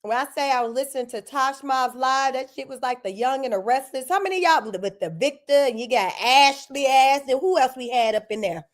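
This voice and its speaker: A woman with a slightly high voice hosts a casual live commentary stream. She is animated and chatty and keeps talking straight to her viewers. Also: brisk, hardly any pauses. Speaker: commentary vlogger.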